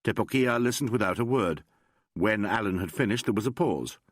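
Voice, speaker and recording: A male audiobook narrator reading in a measured storytelling manner. His voice is fairly low, yet it moves expressively. The recording is close and dry, made at a studio microphone. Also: animated, breathy edge, no room sound. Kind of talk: scripted narration.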